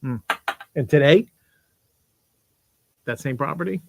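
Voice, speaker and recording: A man's voice: a little high, slow, gravelly, noisy background. A man in his fifties co-hosting a podcast, speaking hesitantly with some stammering. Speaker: podcast co-host. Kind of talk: casual livestream chat.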